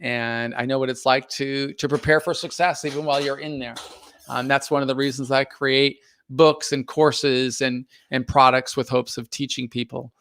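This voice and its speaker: A middle-aged American man hosts a casual live stream, reading viewer comments with a mid-range, slightly bright voice at a steady tone and moderate pace. He speaks earnestly and thoughtfully, with many fillers and restarts, and there is no room sound.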